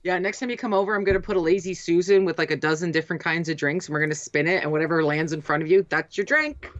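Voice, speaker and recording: A woman's voice: fairly low pitch, fast, no echo, lo-fi sound. A woman co-hosting a casual, tipsy livestream chat, talking loosely with giggles and swearing. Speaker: co-host.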